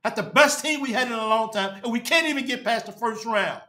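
A man hosting a fan podcast, ranting on a live stream in a distraught, halting way, repeating himself and trailing off low. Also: pushed and bright. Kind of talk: emotional live-stream rant. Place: his apartment.

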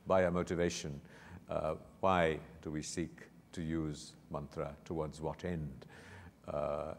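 Very deep-voiced man moderating a panel. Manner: hesitant, many fillers and restarts. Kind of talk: panel discussion. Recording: hall reverb, faint noise.

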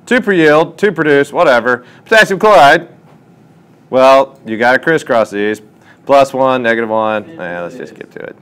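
A man's clear, resonant, mid-range voice moves at normal speed as he tutors a chemistry class. During this classroom lesson he works through problems and asks students questions, sounding lively and inquisitive.

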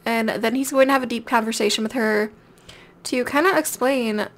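High-voiced woman chatting over a game. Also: normal speed, a bit bright. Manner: chatty, talks directly to the game characters. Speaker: gameplay video creator. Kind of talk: casual let's-play commentary.

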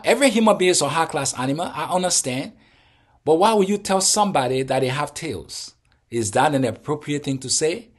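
A man speaks in a notably high voice, addressing his channel's viewers directly. His tone is earnest and preaching, and he drives his points home with rhetorical questions. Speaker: channel host. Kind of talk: direct-to-camera monologue.

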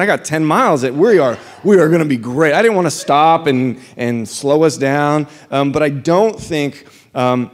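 A man born in Southern California, preaching as a pastor and telling a story, acting out the dialogue with lots of energy. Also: medium pitch. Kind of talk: sermon storytelling.

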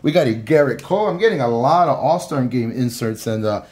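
A man from Miami opening trading card packs on camera, talking casually to his viewers and repeating his words when excited. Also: mid-range voice, brisk, husky. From Miami, Florida. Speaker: card collector. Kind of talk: casual pack-opening commentary.

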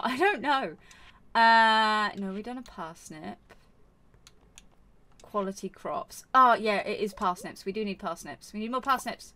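A woman's voice: mid-range voice, measured pace, bright, forceful tone. A woman chatting casually while playing a farming game for her channel, rambling and scolding herself with many fillers. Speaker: gaming YouTuber. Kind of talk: casual gameplay commentary.

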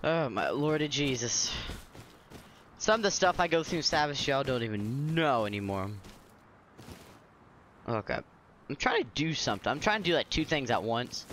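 Excitable gamer guy, wildly swinging voice. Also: mid-range voice, moderate pace, pauses often, slight background noise. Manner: excitable, bursts into loud yelling and laughter. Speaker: gaming video creator. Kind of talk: casual gameplay commentary.

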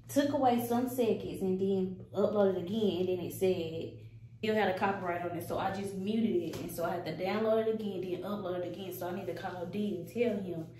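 A woman nail technician chatting casually to her viewers, aggravated, swearing in passing. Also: lowish voice. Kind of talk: casual vlog chat. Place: small nail salon room, indoors. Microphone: camera set down at a distance, no tripod. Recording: echoey room, distant mic, background noise.

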